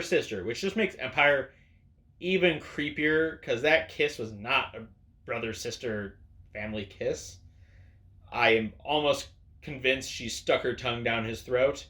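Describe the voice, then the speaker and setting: A man hosting an opinion video rants sarcastically at the camera indoors, swearing freely. His voice is fairly high and fairly bright.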